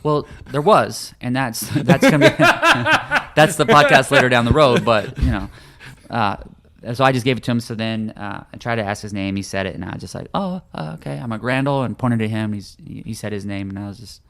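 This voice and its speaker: A man being interviewed as a guest author on a podcast, chatting casually and quickly, often repeating words as he starts sentences. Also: mid-range voice, lively intonation, a bit bright. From United States.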